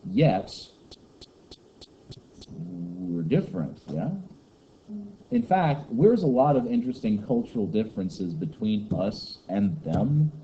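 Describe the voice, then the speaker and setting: A man's voice: lowish voice, mellow. A man from giving a rambling, joking lecture to a class. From Kentucky, USA. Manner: joking, rambling teacher banter. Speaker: teacher. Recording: muffled classroom recording with faint noise.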